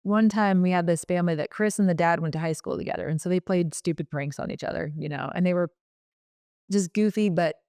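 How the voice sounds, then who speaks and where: A middle-aged woman, a podcast guest, telling a personal story in a heartfelt, halting way, with many fillers and restarts. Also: on the low side, a little mellow, no echo, studio quality.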